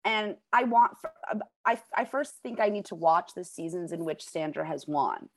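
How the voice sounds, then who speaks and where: A young woman co-hosting a podcast in casual chat, halting with restarts and trailing off as she makes her point. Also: on the low side, animated. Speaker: podcast co-host.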